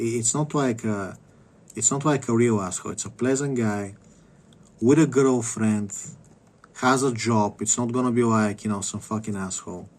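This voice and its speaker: A man streaming a game, rambling in a profane, contemptuous rant that keeps trailing off into low mutters. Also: darkish tone, breathy edge. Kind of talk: casual rant while gaming.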